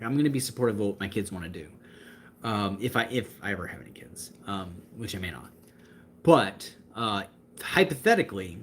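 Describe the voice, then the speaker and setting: A young man with a lowish, fairly bright voice answers viewers on a casual livestream, with slight background noise behind him. He's chatty, moves his hands while talking, and his speech is full of fillers and restarts.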